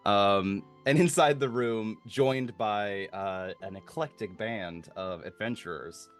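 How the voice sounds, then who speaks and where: A man running a tabletop game as game master, narrating in a halting way with many fillers. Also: lowish voice, soft background music.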